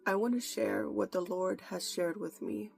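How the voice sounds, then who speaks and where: Woman preacher, slow fervent prayer, gravelly voice, soft music behind. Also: on the low side. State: holding back tears. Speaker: prophetic preacher. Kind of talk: prayer and prophetic message.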